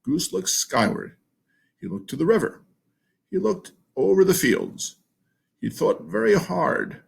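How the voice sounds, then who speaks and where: A man reads a children's picture book aloud, slowly and playfully. His voice is gravelly and a bit husky, rising and falling with lots of expression. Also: high-pitched. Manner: slow, playful, expressive narration. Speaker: storyteller.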